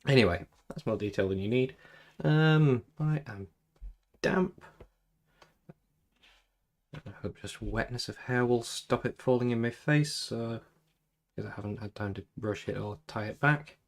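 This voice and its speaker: A man's voice: medium pitch, measured pace, pauses often. A man chatting casually while drawing on a live stream, rambling through self-deprecating asides about tech trouble into a desk microphone in a small home room. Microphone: desk microphone plugged into computer.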